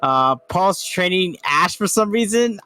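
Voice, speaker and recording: A man's voice: high-pitched, lively intonation, a little slow, sharp tone. A man on a voice call giving a casual, hesitant reaction, thinking aloud with many restarts. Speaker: panel guest.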